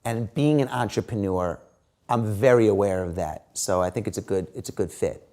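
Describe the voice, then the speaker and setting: A man's voice: fairly low pitch, normal speed. A middle-aged man, an interview guest, telling stories casually with many fillers and acted-out quotes. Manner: animated, lots of fillers and quoted dialogue. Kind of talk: casual storytelling.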